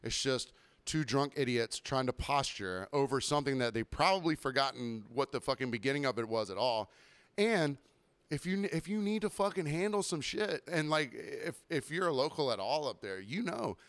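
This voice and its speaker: Man, casual storytelling, profane, rambling, mid pitch, dry sound. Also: expressive, moderate pace, fairly bright tone, clear, resonant tone, no room sound. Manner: profane, rambling, with acted quotes. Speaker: podcast host.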